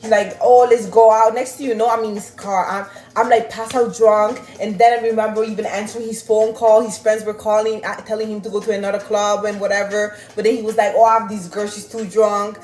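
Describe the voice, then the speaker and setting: A young woman, telling a story casually to her viewers in an animated, swearing manner and laughing often. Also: mid-range voice, a little fast, hardly any pauses. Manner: animated, swearing, laughing, reading chat aloud. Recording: roomy with faint music.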